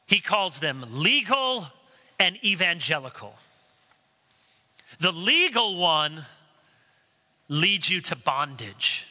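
A male pastor preaches with a strikingly bright, forceful tone and a fairly high voice. He is earnest and slips into stories as he goes. The sound carries the long reverb of a church sanctuary. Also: very animated, takes it slowly, pauses often. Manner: earnest preaching, storytelling asides. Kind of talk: sermon.

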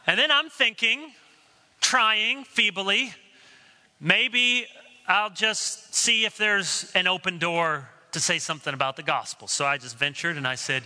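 A male pastor preaches with a strikingly bright, forceful tone and a fairly high voice. He is earnest and slips into stories as he goes. The sound carries the long reverb of a church sanctuary. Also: measured pace. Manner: earnest preaching, storytelling asides. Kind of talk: sermon.

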